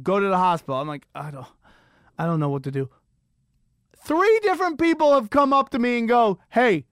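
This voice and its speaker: Man, middle-aged, comedy podcast host, animated incredulous rant, profane, dry close sound. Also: no echo. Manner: animated, swearing, incredulous, jumps between high and low pitch.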